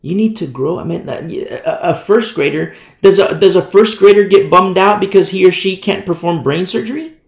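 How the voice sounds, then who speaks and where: A man's voice: high voice, moderate pace, creaky, few pauses, reverberant. A man preaching a sermon as a pastor, blunt and plain-spoken, mocking those he disagrees with.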